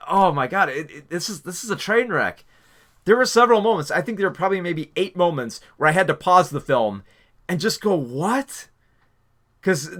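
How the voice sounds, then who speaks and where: A man reviewing a film in a casual spoken style, exasperated and halting with many restarts. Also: a little high, bright, forceful tone.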